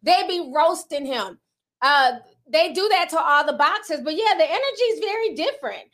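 Woman vlogger, high pitched, gossipy and laughing, slangy chat delivery. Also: expressive, moderate pace, a bit bright. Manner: chatty, laughs often, slangy asides. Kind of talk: casual gossip commentary.

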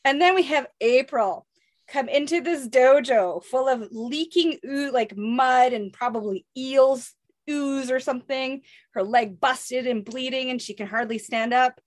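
A woman's voice: sits high, measured pace. A woman in casual chat, reading comic lines aloud in playful put-on voices. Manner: animated, reads character lines with put-on voices. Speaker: podcast guest.

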